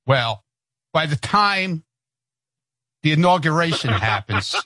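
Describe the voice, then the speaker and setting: Furious high-voiced man swearing. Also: big pitch swings, takes it slowly, pushed and bright, dry recording, studio quality. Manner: angry, profane, combative. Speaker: show regular. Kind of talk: heated studio argument.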